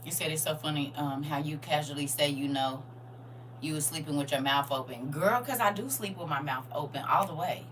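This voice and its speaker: Woman, middle-aged, excitable, chatty livestream host, sharp tone. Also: sits low, fairly quick, a little hiss or hum, rough recording. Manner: excitable, chatty, talks straight to viewers. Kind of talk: casual live-stream chat.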